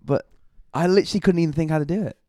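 A man's voice: fairly high pitch, very fast, mellow, no room sound, studio quality. A British man, a youth pastor guest on a podcast, telling stories in a jokey way and laughing often. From United Kingdom. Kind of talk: podcast conversation.

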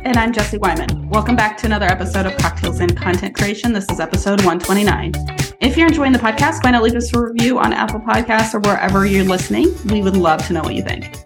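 A woman co-hosting a podcast as a brand photographer, talking in a relaxed, loose way with laughs and lots of "like". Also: mid-range voice, fast, over music. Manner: relaxed, laughs often, fillers like "like". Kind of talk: casual podcast chat.

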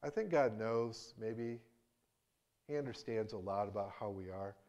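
A man preaching a sermon in a conversational way, with restarts and acted-out quotes, moving between hushed and emphatic. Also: fairly low pitch, a little slow, dull audio.

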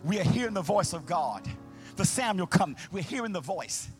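A man pastor preaching a sermon live in a church, with a call-and-response, sing-song delivery that swells into shouts, and folksy, colloquial phrasing. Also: sits high, big pitch swings, a little fast, soft background music. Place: church sanctuary, live service.

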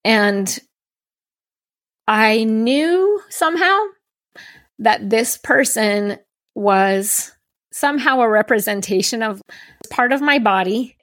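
A woman's voice: fairly high pitch, expressive, slow, pauses often, a bit bright, no room sound, studio quality. A woman podcast host, recounting a personal experience in a reflective, storytelling way and voicing her own thoughts as quotes.

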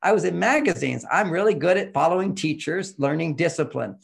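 A man's voice: on the high side, lively intonation, fairly quick, gravelly, slightly rough. An older man giving relationship advice in conversation, explaining emphatically like a lecture.

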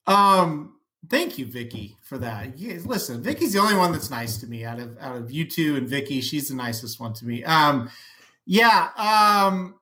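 A man co-hosting a casual podcast with a bright, slightly raised voice. He talks animatedly and likes to act out quoted lines. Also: on the high side, sing-song, normal speed. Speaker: podcast co-host. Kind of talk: casual chat.

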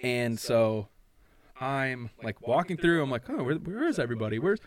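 A man telling a story in a casual, profane chat, acting out quotes with lively energy. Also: mid-range voice, normal speed, a crowd in the background.

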